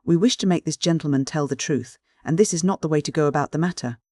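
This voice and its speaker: A narrator voicing an imperious, older Peruvian nobleman who speaks quietly but commandingly. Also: mid-range voice, fast talker, dry recording, studio quality, close to an everyday voice.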